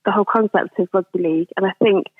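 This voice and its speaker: A woman's voice: mid-range voice, fast talker, dry recording. Woman on a tinny phone line. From England. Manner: chatty, rambling, many ums and restarts. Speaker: guest, rugby coach. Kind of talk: podcast interview answers. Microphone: phone or video call.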